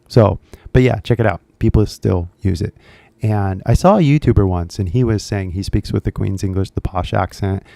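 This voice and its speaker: Californian dude rambling on a live stream, lots of likes, dry close sound. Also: male voice, lowish voice, gravelly, warm tone, no room sound. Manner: rambling, drops in "like" and "you know" a lot. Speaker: English-teaching YouTuber on a live stream. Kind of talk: casual live stream chat.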